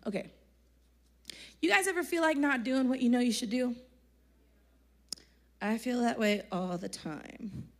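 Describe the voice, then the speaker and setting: Casual young woman preaching at a conference, high voice, laughs a lot, talks like a friend. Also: a little slow, long pauses. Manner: chatty and slangy, laughs often. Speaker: youth conference speaker. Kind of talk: casual energetic sermon. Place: church conference hall, live audience.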